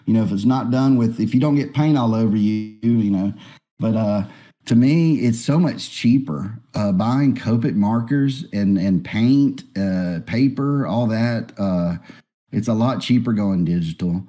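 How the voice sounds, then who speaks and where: Mellow man, relaxed and rambling. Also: lowish voice, unhurried. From Alabama. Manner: relaxed, rambling, many fillers. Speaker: guest artist. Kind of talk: casual live Q&A.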